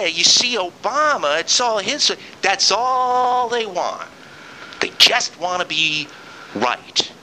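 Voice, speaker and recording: A man's voice: on the high side, background noise. A man hosting a podcast, delivering an angry solo political rant with sarcastic mock quotes. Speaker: podcast host.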